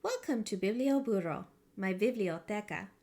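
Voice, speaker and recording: A woman reading aloud, voicing a kind male traveling librarian who brings books by donkey, in a gentle, welcoming manner. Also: high voice, expressive, normal speed.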